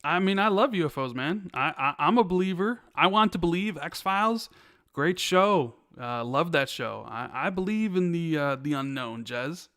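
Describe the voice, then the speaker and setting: Smooth-voiced man teasing on a podcast. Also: on the high side, expressive, normal speed, a bit bright, no room sound, studio quality. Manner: joking, teasing. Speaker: podcast host. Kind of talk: casual chat.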